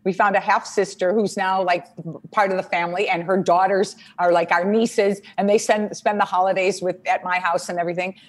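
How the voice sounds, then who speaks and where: A woman's voice: mid-range voice, level tone, fairly quick. A middle-aged woman, a podcast guest, talking in a rambling, chatty way with many fillers and self-corrections. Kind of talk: conversational interview.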